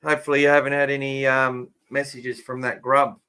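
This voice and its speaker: A man's voice: mid-range voice, level tone, fairly quick, sharp tone, smooth. An Australian man hosting a casual fan podcast, chatting and answering listener comments. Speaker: podcast host.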